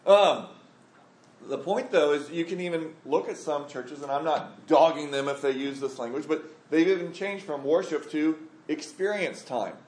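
Bible study teacher, man, slightly high voice, echoey room, talks with a group. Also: normal speed, a little mellow. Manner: conversational, emphatic, asks the group questions.

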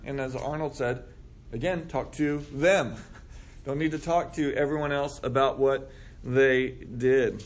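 A man's voice: on the high side, normal speed. A man leading a group Bible study, talking conversationally and acting out what people might say. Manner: conversational, acts out quoted remarks. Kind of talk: casual Bible study teaching.

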